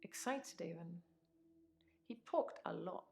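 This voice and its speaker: An actress voicing a calm, evasive woman patient answering a doctor's questions in a game. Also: lowish voice, slow, gravelly, exaggerated voice. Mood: guarded. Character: guarded grieving woman patient under questioning. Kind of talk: game voice acting.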